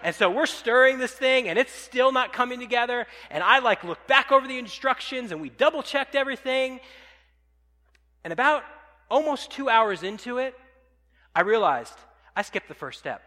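Bright high-voiced pastor in a hall. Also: male voice, normal speed. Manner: casual, animated storytelling with fillers. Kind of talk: sermon with a personal story.

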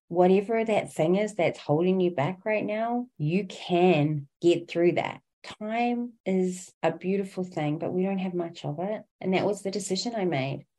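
Earnest motivational woman podcaster, low voice. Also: dark tone. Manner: earnest, emphatic, swears freely, addresses listener as Mama. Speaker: podcast host. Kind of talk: motivational monologue.

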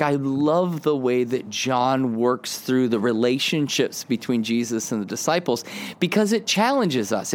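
A man who pastors, hosting a casual devotional podcast from outdoors on a windy day, talking in a relaxed, rambling way with many fillers. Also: medium pitch.

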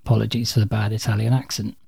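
A man's voice: fairly low pitch, level tone, very fast, vocal fry, mellow, slightly rough. A man narrating a personal anecdote with dry, wry understatement. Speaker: storyteller.

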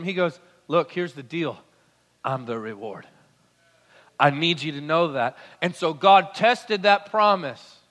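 A man preaching a sermon, swinging between loud declarations and soft, intimate murmuring. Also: sits high. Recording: hall reverb.

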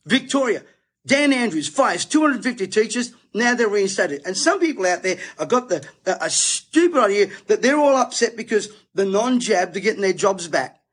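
A man's voice: sits high, sing-song, normal speed, slightly rough. A middle-aged Australian man hosting, delivering a fired-up, emphatic, preachy monologue to his audience. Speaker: host. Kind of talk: impassioned monologue to camera.

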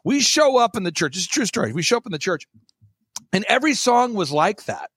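A man hosting a talk show, telling stories with lots of energy, emphatic and swinging between loud exclamations and low mocking impressions. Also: big pitch swings, brisk, slightly rough, no echo. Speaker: podcast host. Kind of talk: animated storytelling chat.

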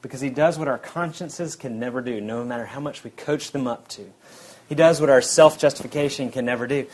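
A man, preaching a sermon in a conversational way that drops to a quiet intensity. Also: mid-range voice, a little fast, low-quality recording. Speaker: pastor.

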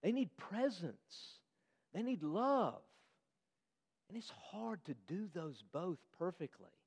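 A man delivers an earnest sermon, often turning to his listeners with questions. His voice sits a little high. The sound rings with a long reverb from a big hall. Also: sing-song, slow pace, darkish tone, slightly rough. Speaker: pastor.

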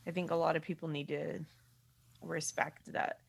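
A woman's voice: low voice, level tone, moderate pace, creaky, crowd noise. A young woman who works as a dog groomer, chatting casually and acting out quoted dialogue. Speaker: dog groomer, podcast co-host. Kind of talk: casual chat.

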